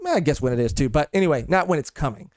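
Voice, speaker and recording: A man's voice: a little high, lively intonation, fast, darkish tone, no echo, studio quality. A young man co-hosting a podcast, chatting casually and rambling with restarts and cursing. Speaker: podcast co-host. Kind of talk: casual chat.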